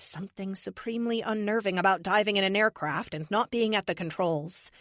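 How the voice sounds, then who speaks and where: A woman's voice: mid-range voice, fairly quick, hardly any pauses, a bit bright, no echo, clean studio sound. A woman narrating a superhero audiobook in the first person, with a wry, sarcastic touch.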